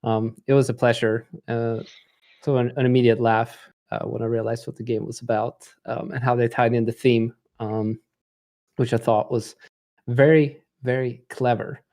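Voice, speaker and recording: A man's voice: medium pitch, little pitch movement, normal speed, creaky, darkish tone. A man hosting a live stream, presenting casually with lots of ums and restarts. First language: not English. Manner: rambling, many fillers, laughs easily. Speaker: livestream host.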